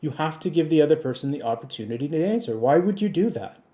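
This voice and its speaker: A man's voice: on the high side, animated, quick pace, warm tone. A man hosting a comedy podcast, chatting with a voice assistant in a dry, insistent, lecturing way. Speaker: podcast host.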